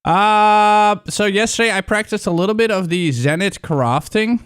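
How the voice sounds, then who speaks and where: Young man, livestream chatter, fairly high voice, excitable, rambling, swears a lot. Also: fairly quick. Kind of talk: casual livestream chat.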